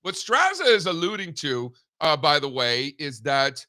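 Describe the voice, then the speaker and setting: Bright-voiced joking market show co-host. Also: male voice, on the high side, a little slow. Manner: animated, joking, many fillers. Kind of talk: casual market chat.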